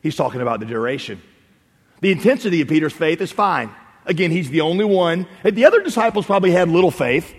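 A male pastor preaching in a church sanctuary with a long hall reverb around his voice. His voice sits high for a man, and his delivery is animated. He climbs to loud calls and then drops to hushed asides. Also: fast talker, husky. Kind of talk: sermon.

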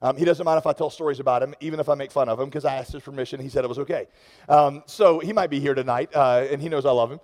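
A man's voice: medium pitch, very fast, a little mellow. A man preaching a sermon, telling a story in a conversational way that builds to impassioned peaks. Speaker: pastor. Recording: long reverb of a large hall.

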